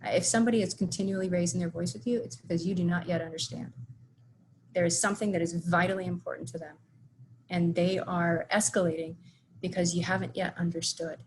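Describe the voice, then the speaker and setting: A woman's voice: on the low side, fairly even intonation, quick pace, darkish tone, a little hiss or hum. A woman giving an earnest conversational webinar presentation, with frequent filler words as she talks through her slides. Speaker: webinar presenter on patient communication. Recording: webinar audio.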